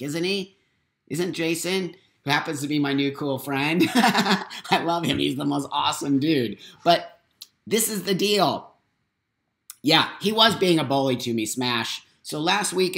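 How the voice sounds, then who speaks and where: A man's voice: on the high side, a bit bright, echoey room. A middle-aged man hosting a live stream, delivering an emphatic, profanity-laced, preachy monologue.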